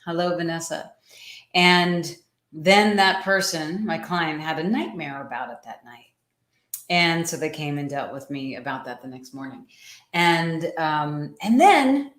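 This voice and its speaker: Chatty woman livestreaming, low-pitched and unhurried. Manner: chatty, greets viewers by name, repeats words. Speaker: livestream host and coach. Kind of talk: casual livestream talk to viewers. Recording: echoey room sound.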